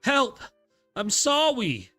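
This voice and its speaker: A frightened little boy from a comic, pleading tearfully and promising to behave, voiced by a man reading aloud. The voice is pushed high and sounds bright and strained. Faint music plays underneath. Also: moderate pace.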